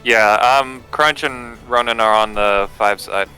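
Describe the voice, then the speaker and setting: A man's voice: on the low side, unhurried, sharp tone, faint music behind, poor audio. A man playing in a tabletop game, blunt in his talk and swearing when his character takes hits. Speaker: player. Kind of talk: casual tabletop game chat.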